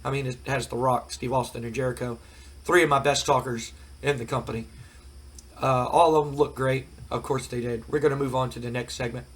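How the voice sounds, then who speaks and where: A man's voice: medium pitch, steady tone, fairly quick, fairly bright tone. A man recapping a wrestling sim game in a rambling, casual way, his voice cracking from a cold. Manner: rambling casual, many fillers. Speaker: gaming channel host. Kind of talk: let's play recap commentary.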